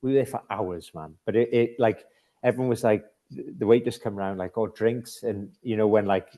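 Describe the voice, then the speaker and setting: Brisk and mellow, with a lowish voice, a middle-aged man from Britain tells hockey stories on a podcast. Once an ice hockey captain, he rambles through this casual storytelling chat with many restarts, laughing at his own anecdotes.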